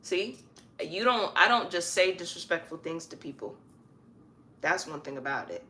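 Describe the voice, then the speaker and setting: A woman with a fairly low voice chats freely on a live stream, her pitch swooping up and down a lot as she talks. She sounds casual and animated, drawing out words to make a point while she works on her hair. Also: normal speed. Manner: chatty and animated, stretches words for emphasis. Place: at home doing her own hair.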